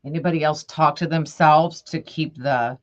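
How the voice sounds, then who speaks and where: A woman's voice: low-pitched, steady tone, moderate pace, lo-fi sound. Chatty woman crafting on a livestream. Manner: chatty, talks to viewers by name, thinks aloud. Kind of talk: casual livestream chat while crafting.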